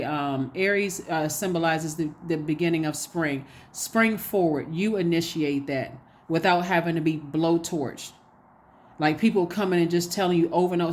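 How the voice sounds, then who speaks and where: Woman tarot reader, lower voice, casual and preachy, light background noise. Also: moderate pace. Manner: animated, repetitive, preachy exhortations. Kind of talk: casual spoken tarot reading.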